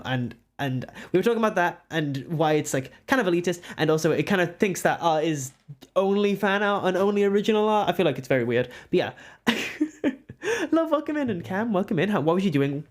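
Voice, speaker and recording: Giggly young Welsh streamer, lively pitch. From Wales. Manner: giggly, rambling, chats to viewers. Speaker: art streamer. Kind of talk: casual live-stream chat.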